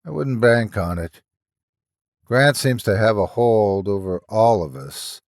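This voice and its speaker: A young doctor, voiced by a man, speaks hesitantly and apologetically, tripping over the start of his lines. His voice moves lively up and down. The sound is dry and close. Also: fairly low pitch, takes it slowly, dry recording. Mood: uneasy.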